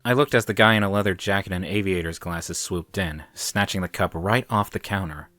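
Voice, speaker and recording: A man's voice: low-pitched, brisk, hardly any pauses, a bit bright, no room sound, studio quality, soft background music. A man narrating a first-person story in a wry, dramatic way.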